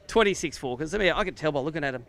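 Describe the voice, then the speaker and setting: A man's voice: a little high, creaky, a bit bright. An Australian man emceeing a live fishing weigh-in outdoors by a lake, with jokey, upbeat banter. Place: outdoor lakeside weigh-in stage.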